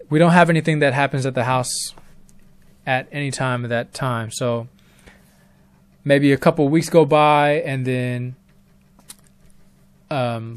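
A man's voice: medium pitch, no echo. A young man telling a true story in a laid-back, rambling way with casual slang.

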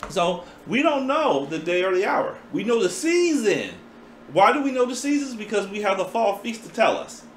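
A man preaching a sermon in a playful, animated way, acting out voices as he teaches. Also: high-pitched, normal speed, reverberant, slight background noise.

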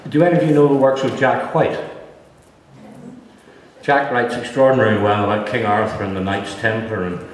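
A man's voice: fairly low pitch, steady tone, normal speed, pauses often, slight background noise. An older man, an author at a book launch, telling anecdotes to an audience with dry, self-mocking humour. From Northern Ireland. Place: library hall with an audience. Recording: echoey hall from far off.

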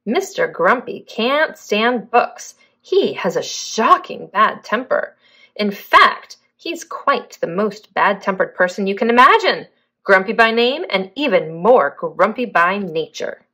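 A woman's voice: medium pitch, big pitch swings, slow, bright, forceful tone. A young adult woman, a preschool teacher, reading a picture book aloud expressively and asking young children questions.

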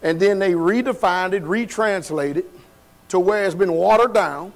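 A man's voice: sits high, unhurried. A male pastor preaching a sermon in a church, folksy and colloquial, often asking the congregation questions. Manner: call-and-response preaching, asks the congregation questions. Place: church sanctuary.

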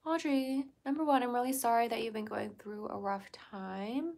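A woman's voice: fairly high pitch, a little slow, hardly any pauses. A young woman from Virginia, chatting casually on a livestream, laughing often and answering viewer comments. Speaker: livestream host.

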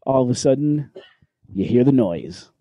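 A man co-hosting a podcast, telling a story in a casual, animated way, swearing and acting out what people said. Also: medium pitch, moderate pace, no echo, muffled recording. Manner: animated, swearing, acts out quoted lines. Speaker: podcast co-host. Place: podcast recording room.

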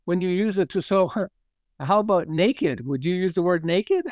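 A man's voice: sits high, animated, measured pace, darkish tone, dry recording. A man, a marketing consultant, telling anecdotes in a casual interview and chuckling often.

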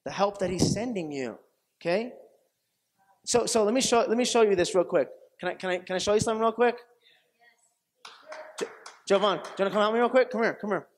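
A man preaching a sermon as pastor, telling stories with lively acted-out quotes and frequent laughter, often restarting phrases and checking with his audience. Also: high voice, fairly quick, long pauses. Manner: animated storytelling, acts out quoted voices, laughs often; repetitive restarts, asks audience questions.

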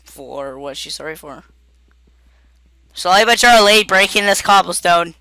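A man hosts a casual gameplay video, goofy and excitable, giggling often. He talks slowly, with a bright, forceful edge. The sound is dry and close. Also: high-pitched, smooth, dry recording. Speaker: gaming video host.

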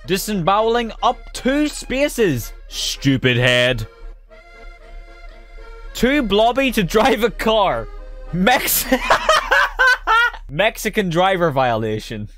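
A man streaming, reading silly fill-in-the-blank stories aloud in an animated way, rushing through asides and breaking into laughter. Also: sits high, music in the background.

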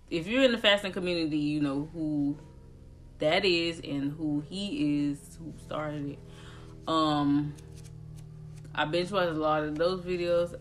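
A young woman chats to her camera in a relaxed vlog, her voice sitting fairly low. She talks slowly and lingers over her words, breaking into whiny, animated quotes as she retells things. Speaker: vlogger. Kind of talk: casual vlog talk.

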